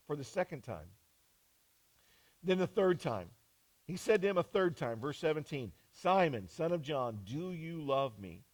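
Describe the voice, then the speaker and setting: A pastor, male, preaches by retelling scripture as a narrative, his voice rising from hushed lows to loud highs. The audio quality is poor.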